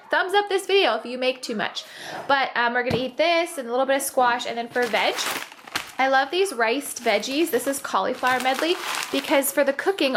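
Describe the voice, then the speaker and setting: A woman's voice: high voice, noisy background. A young woman vlogging as a stay-at-home mom, chatty and laughing often, sighing now and then. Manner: chatty, laughs often, sighs, talks to her kids. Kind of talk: casual home vlog.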